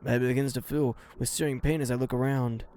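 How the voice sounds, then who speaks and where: A man's voice: mid-range voice, flat delivery, fast talker, dark tone, a little hiss or hum. A man streaming and reading a visual novel aloud, voicing the narrator in first person with a few stumbles.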